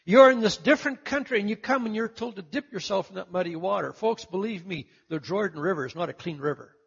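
A man preaching a sermon, telling the story with animated delivery and acting out the voices of the people in it. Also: high voice, quick pace, gravelly, slightly rough. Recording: muffled, echoey hall.

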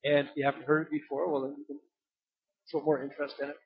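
A man's voice: fairly high pitch, little pitch movement, fast, slightly rough, dull audio. An older man preaching a sermon, telling a folksy story and acting out the voices in it. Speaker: pastor.

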